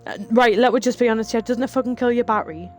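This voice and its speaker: A young Geordie woman chats away on a live stream, her voice sitting a touch high. She giggles often, leans on "like" and reads her viewers' messages aloud. Soft music plays faintly behind her. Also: rapid-fire. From North East England. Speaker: livestreamer. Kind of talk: casual chat while reading live chat.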